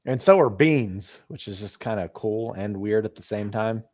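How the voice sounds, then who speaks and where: A man's voice: on the low side, animated, moderate pace, a little mellow. A man co-hosting a casual podcast and teasing the others with joking questions. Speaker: podcast co-host. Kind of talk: casual chat. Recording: dull lo-fi audio.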